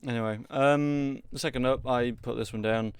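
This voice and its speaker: A young man hosting a casual podcast, steering topics with quick reactions. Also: medium pitch, fairly even intonation, clear, resonant tone, no room sound, studio quality. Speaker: podcast host. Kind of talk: casual chat.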